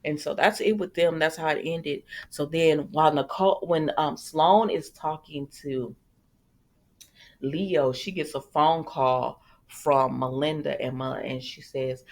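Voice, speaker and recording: A woman's voice: low-pitched, fairly even intonation, a little slow, a little mellow. A woman hosting a casual soap opera recap, chatty and talking straight to her viewers. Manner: chatty, addresses viewers as "y'all".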